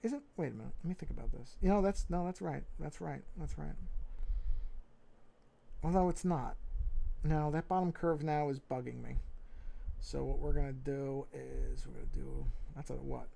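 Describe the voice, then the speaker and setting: Man, New York accent, gravelly, mellow tone, muttering to himself, casual stream narration. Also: fairly high pitch, normal speed, slight background noise. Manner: thinking aloud, muttering and humming to himself. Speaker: digital artist streaming his drawing. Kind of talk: casual live-stream narration while drawing.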